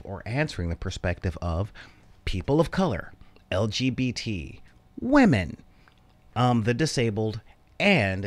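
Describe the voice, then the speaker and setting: A man's voice: medium pitch, no room sound. A man hosting a casual livestream gaming talk show, chatty and joking, with lots of fillers. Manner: chatty, jokey, rambling with many fillers. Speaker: podcast host.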